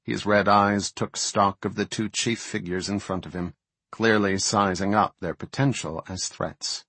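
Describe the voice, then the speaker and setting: A man narrating a fantasy novel in a steady, even storytelling manner. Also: fairly low pitch, unhurried, breathy edge, no echo. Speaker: audiobook narrator.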